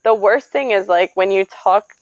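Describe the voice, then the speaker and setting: A chatty woman co-hosts a casual bar chat and laughs often. Her voice sits at a middle pitch. The recording is dry and a little muffled. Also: moderate pace, no room sound. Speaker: podcast co-host.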